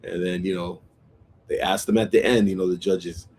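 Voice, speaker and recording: Male radio host, low-pitched voice, upbeat motivational delivery with frequent rhetorical questions. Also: normal speed, a little hiss or hum. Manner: energetic, repeats "right?" and calls on listeners to repeat words. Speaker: radio talk show host. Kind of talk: motivational talk radio monologue.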